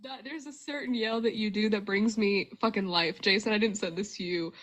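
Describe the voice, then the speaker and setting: A woman's voice: mid-range voice, a little fast, a bit bright. A woman hosting a casual podcast chat, laughing often and swearing freely. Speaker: podcast host.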